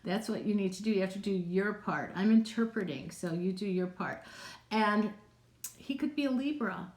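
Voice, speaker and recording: A woman's voice: medium pitch, normal speed, a little mellow. A woman psychic chatting casually on a live stream, answering viewers' questions in a rambling way with frequent laughs. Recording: roomy, echoey room sound.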